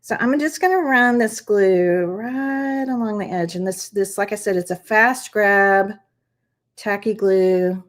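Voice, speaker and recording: A woman's voice: medium pitch, measured pace. A woman hosting a live craft stream, chatting as she demonstrates each step. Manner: chatty, encouraging, talks viewers through each step. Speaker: craft channel host.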